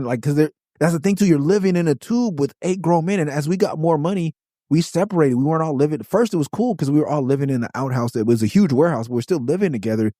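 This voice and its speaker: A Los Angeles man hosts a podcast, casually telling tour stories at a fast clip in a medium-pitched voice. He's animated and swears a lot, raising his voice to act out quotes. The recording is clean studio sound with no room echo.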